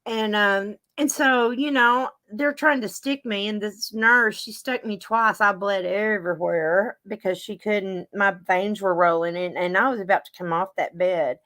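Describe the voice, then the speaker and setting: A woman's voice: medium pitch, steady tone, measured pace, hardly any pauses, pushed and bright. A woman, chatting and telling a story to her viewers as a show host. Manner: chatty storytelling, reading viewer comments aloud. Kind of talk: casual chat to a live audience.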